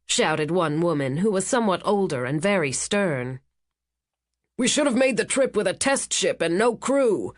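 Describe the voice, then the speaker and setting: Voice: medium pitch, no room sound. Dry, close audiobook narrator. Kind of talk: scripted narration.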